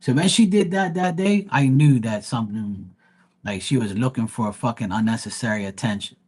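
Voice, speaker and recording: A man running a live tarot stream talks in a blunt, heated rant and swears freely. His voice is husky and slightly rough, at an ordinary male pitch. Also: a little fast, a little mellow. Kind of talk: ranting livestream monologue.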